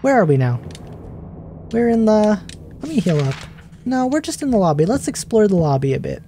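A young woman giving let's play commentary as a gaming streamer, excitable, gasping and getting emotional as she plays. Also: medium pitch, moderate pace, a little hiss or hum. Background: faint game music.

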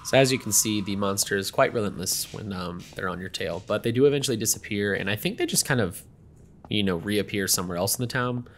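A man's voice: lowish voice, fast, fairly bright tone, slight background noise. A young man hosting a gameplay video, chatting casually with many ums and you-knows.

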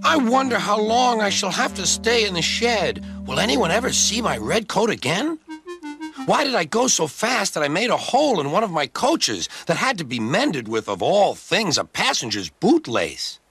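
A high, fretful red engine from a storybook, played by a man, who puffs with eager determination. The pitch swings widely as he frets and strains. Music plays behind him. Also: sing-song, normal speed, fairly bright tone, breathy edge, dry recording, heavily acted. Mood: worried. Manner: fretful, then eager and puffing. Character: proud red male engine, anxious but determined. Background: background music.

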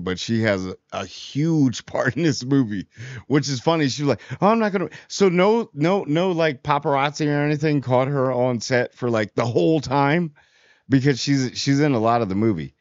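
A man's voice: medium pitch, fairly quick, a little mellow, no room sound. Chatty male movie reviewer, dry audio. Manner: chatty, rambling, amused. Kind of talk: casual spoken movie review. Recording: dry, slightly dull audio.

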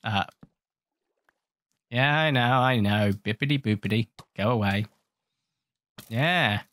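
Guy doing casual game commentary, lowish voice, rambly and self-mocking, dry close sound. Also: unhurried, long pauses, fairly bright tone, dry recording. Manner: rambling, jokey and self-mocking, scolds the game's sharks. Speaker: gaming channel host.

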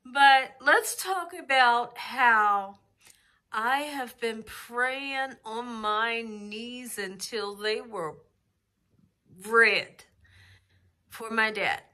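A woman's voice: fairly high pitch, bright, forceful tone. A woman, talking in a heartfelt, emotional way in a casual home vlog, close to the camera. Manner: heartfelt, slow and drawn-out, emotional. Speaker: cooking channel host. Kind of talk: casual personal vlog talk. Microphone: camera very close to her face.

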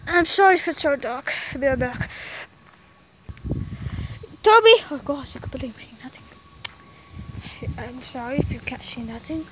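A woman's voice: high-pitched, a little fast. A young woman chatting casually and apologetically as she films outdoors at night, giggling often. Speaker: vlogger. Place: outdoors at night among farm animals. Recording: noisy outdoor phone recording.

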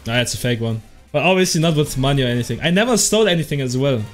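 A young man streaming a game, chatting casually with slang, laughing and jumping into sudden high yelps. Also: lively intonation, racing, soft background music. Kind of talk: casual gaming livestream chat.

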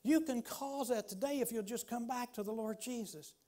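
A man, preaching a sermon as pastor in a church, swinging from loud exclamations to hushed pleading. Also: extremely high pitch, normal speed. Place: church sanctuary.

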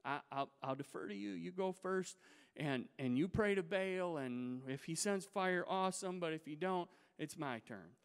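A man's voice: sits high, moderate pace, creaky, smooth. A man voicing a bold male prophet who challenges a crowd with pointed questions. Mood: taunting. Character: bold defiant male prophet, stern and mocking. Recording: reverberant church hall.

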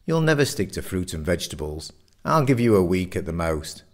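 A man's voice: sits low, very animated, a little fast. A man doing a scoffing pub mate. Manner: scoffing, dismissive. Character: Simon, a blunt meat-loving pub mate.

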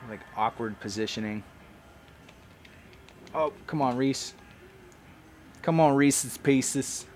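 A man's voice: medium pitch, slow, darkish tone. Laid-back guy doing let's play commentary, chatty n rambly, bit of hiss behind. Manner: rambling, chatty, fan reminiscing. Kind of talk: casual gameplay commentary.

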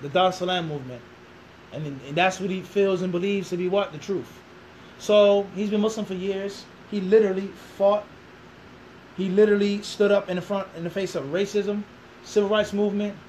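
The man's voice sits high, and the low-quality recording has a little hiss or hum. An Islamic teacher in his thirties from Philadelphia, USA, with a Philadelphia accent, he's interviewed but ends up lecturing, repeating his points and putting rhetorical questions to the room.

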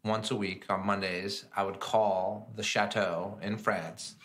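A man, a chef and entrepreneur, telling stories in a casual interview, animated and chatty. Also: on the low side, measured pace. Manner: animated, slips into lively acted-out voices in his stories.

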